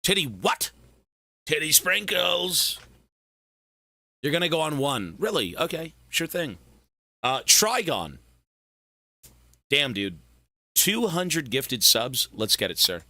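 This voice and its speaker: A man with a hoarse, worn-out voice chatting casually with viewers on a gaming live stream, loose and swearing. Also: fairly high pitch, sing-song, sharp tone, no room sound, studio quality. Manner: slow, loose, swearing banter. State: hoarse, sore throat. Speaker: gaming livestreamer.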